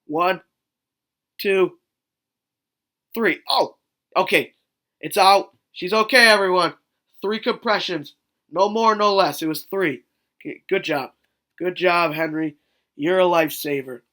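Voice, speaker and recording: A man voicing a fussy male bystander who announces things in a loud, officious way. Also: high voice, slow, pauses often, full character voice. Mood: announcing.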